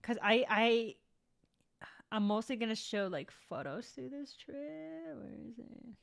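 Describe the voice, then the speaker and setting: A woman's voice: fairly high pitch, animated, slow, gravelly. A young woman vlogging in casual chat to her viewers, rambling and swearing freely.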